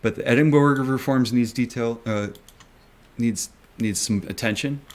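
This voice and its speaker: Speaking unhurriedly in a mid-range voice, a retail stock investor vlogs to his viewers. The video is a rant: he's emphatic, keeps repeating himself and swears a lot.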